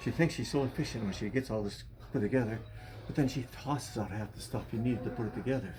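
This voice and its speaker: A man's voice: mid-range voice, fast talker, crowd noise. A man working at a thrift store, talking casually and plainly, complaining and sometimes mumbling. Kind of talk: casual conversation.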